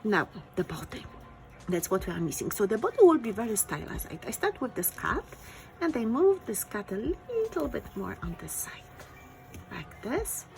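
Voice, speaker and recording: Gravelly-voiced woman teaching drawing. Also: medium pitch, very animated, normal speed, a little mellow, faint music behind, rough recording. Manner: encouraging, thinking aloud while drawing. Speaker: art teacher. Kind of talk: step-by-step drawing lesson.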